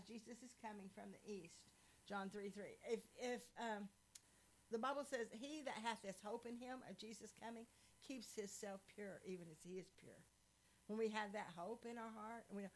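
A woman preaching a sermon, telling lively stories with laughter. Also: fairly high pitch, normal speed, a little hiss or hum, poor audio. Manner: animated storytelling with laughs.

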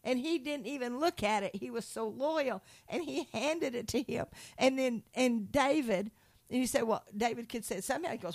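A woman in a Christian conversation, teaching from the Bible with animated storytelling and acted-out quotes. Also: fairly high pitch, moderate pace, creaky. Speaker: Christian speaker.

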